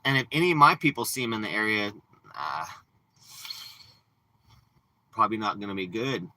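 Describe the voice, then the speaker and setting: A man's voice: fairly low pitch, sing-song, normal speed, sharp tone, rough recording. A man ranting and boasting in casual, profane, rambling livestream chat from inside a parked RV, talking into a phone. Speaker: live streamer.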